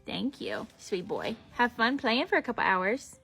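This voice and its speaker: A woman's voice: on the high side, sing-song, measured pace, creaky, fairly bright tone, slightly rough, soft background music. Woman cooing baby talk to foals. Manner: gushing baby talk to animals. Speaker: horse breeder filming her foals. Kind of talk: casual vlog talking to foals. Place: horse barn and arena.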